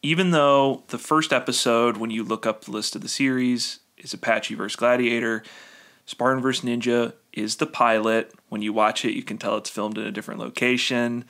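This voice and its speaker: Bright-voiced young male podcast host. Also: medium pitch, steady tone, normal speed. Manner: joking, laughs often, loose and rambling. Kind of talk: casual podcast chat.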